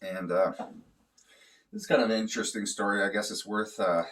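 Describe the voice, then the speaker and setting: A man with a very low voice tells a loose, swear-filled story in a relaxed, meandering way. He sounds set back from the microphone. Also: fairly quick, distant mic. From Canada. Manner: rambling, profane, loose with fillers. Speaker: vlogger. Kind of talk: casual storytelling.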